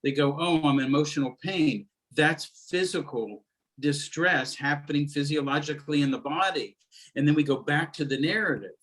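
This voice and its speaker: A soft-spoken man guiding a reflective talk on grief and mindfulness. His pace is measured and he often stops to search for the right words. The sound is that of a video call conversation. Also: on the high side, rough recording. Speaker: mindfulness teacher.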